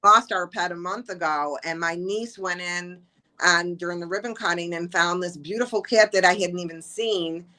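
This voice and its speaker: A woman's voice: fairly low pitch, moderate pace, sharp tone. A woman from the shelter staff sharing an adoption story with heartfelt emotion in a casual interview.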